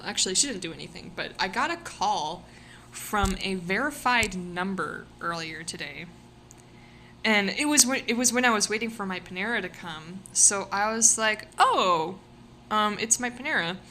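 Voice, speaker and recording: A woman's voice: mid-range voice, pushed and bright, a little hiss or hum. A young woman streamer chatting casually and rambling, giggling often, with lots of fillers and a slightly sore voice. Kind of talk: casual live-stream chat.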